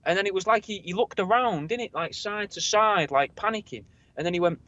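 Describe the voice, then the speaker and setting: A man's voice: high voice, animated, fairly quick, a bit bright, no echo. Guy on a podcast rambling thru a story, swears a lot, dull lo-fi dry audio. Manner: swears freely, rambling anecdotes. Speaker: podcast co-host. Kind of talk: casual storytelling chat.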